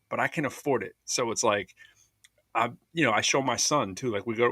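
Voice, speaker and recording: On this casual podcast, a thirty-something male co-host tells stories in a voice on the low side, with no echo at all. He brings them to life by performing the voices of whoever he's quoting.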